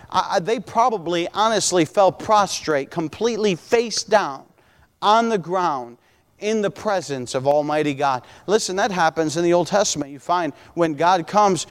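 A man's voice: high-pitched, in a large hall. A man in his forties preaching a sermon as pastor, emphatic and repeating himself for stress. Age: 40s.

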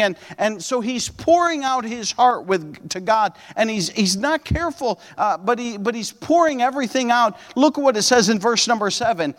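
A man as pastor preaching a sermon, earnest, with frequent restarts and slowing down to read scripture aloud. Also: high voice, expressive, in a large hall.

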